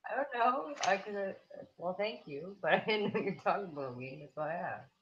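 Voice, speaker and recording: A woman speaking quietly as a panel guest in a casual live stream chat. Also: medium pitch, animated, a little fast, husky, lo-fi sound. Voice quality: soft-spoken, quiet.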